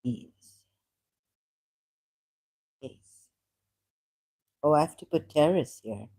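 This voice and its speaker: A woman hosting her channel, talking in a rambling, halting way, often laughing at her own remarks into a USB desk mic. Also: sits low, lively intonation, mellow, dry recording. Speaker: channel host. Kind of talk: rambling casual livestream talk.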